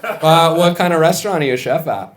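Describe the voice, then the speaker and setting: A young man doing a stand-up set on a club stage, deadpan, with mumbled asides and loud punchlines. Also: a little high, a little fast. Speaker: stand-up comedian. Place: comedy club stage with a live audience. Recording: laughing crowd in a room.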